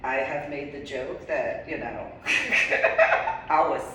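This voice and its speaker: A woman in her forties from New Jersey telling a story casually, animated and laughing often, in an echoey room far from the mic. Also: very deep voice, slow, a little hiss or hum. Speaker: vlogger.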